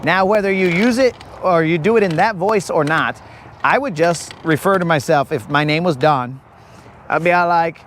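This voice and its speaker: A man's voice: on the high side, moderate pace, a bit bright, a little hiss or hum. A man hosting a live fishing stream, chatting casually and teasing his viewers in a playful, rambling way. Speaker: fishing livestream host. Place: outdoors on a lake.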